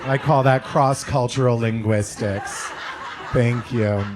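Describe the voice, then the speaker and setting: A man doing a stand-up set at a comedy club, delivering deadpan one-liners with quick self-corrections. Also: mid-range voice, noisy background. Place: comedy club stage with audience laughter.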